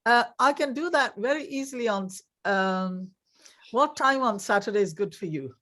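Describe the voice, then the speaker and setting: A woman's voice: on the high side, animated, normal speed, fairly bright tone. Chatty woman on a video call. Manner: chatty, laughs easily, plans aloud. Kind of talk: casual chat before an online session.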